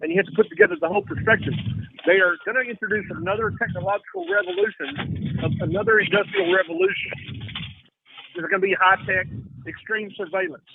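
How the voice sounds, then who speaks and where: A man's voice: high-pitched, big pitch swings, fast talker, creaky. A man in casual conversation, talking in a rambling, profane way and repeating himself. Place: lives in Texas. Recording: tinny phone-like line, faint hiss.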